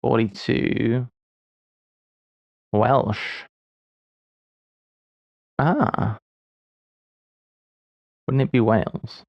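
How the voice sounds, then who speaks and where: A man's voice: mid-range voice, fairly even intonation, extremely slow, gravelly, long pauses, no room sound, muffled recording. A man in his forties streaming live, musing aloud as he solves puzzles, with wry, self-deprecating asides. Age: 40s. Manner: muses aloud while solving puzzles. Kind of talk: casual livestream chat.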